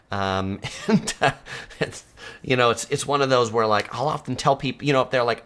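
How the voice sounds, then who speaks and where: A man's voice: medium pitch, moderate pace, fairly bright tone. A man from San Diego hosting a live stream, chatting easily and laughing often as he reads viewer comments. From United States (San Diego).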